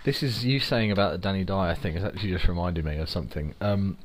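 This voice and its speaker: A young man with a London accent and a fairly low voice co-hosts a casual podcast. He rambles through stories with sarcastic asides and swears freely. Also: fast talker. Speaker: podcast co-host. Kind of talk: casual chat.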